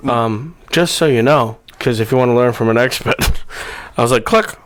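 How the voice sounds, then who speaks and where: A man's voice: medium pitch, moderate pace. A young man telling a story in casual chat, swearing freely and acting out quotes. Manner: animated, swearing, acts out quotes with laughter.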